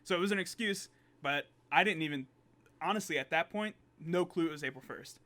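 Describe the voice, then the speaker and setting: A young man co-hosts a podcast in relaxed, casual chat and laughs often. His voice is bright and sits a little high. He tells his own short stories in an easygoing way. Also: a little fast. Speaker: podcast co-host.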